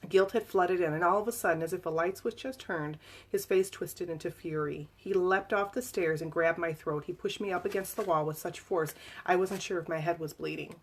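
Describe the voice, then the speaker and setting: A woman reading aloud from her own memoir to a live audience, emotional and halting, with fillers and restarts. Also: on the low side, husky.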